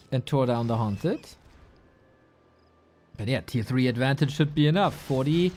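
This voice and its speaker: A man's voice: on the high side, slight background noise. A man casting a competitive strategy game, casual and playful, bantering with his co-caster and laughing often. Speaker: esports caster.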